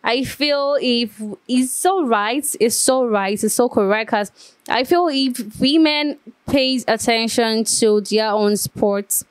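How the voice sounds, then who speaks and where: A woman hosts a reaction video, chatting casually to her viewers with a slightly raised pitch and a smooth, clear tone. She thinks aloud and circles back over her points. The room is dry and close. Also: takes it slowly, no room sound. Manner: chatty, repeats herself while thinking aloud.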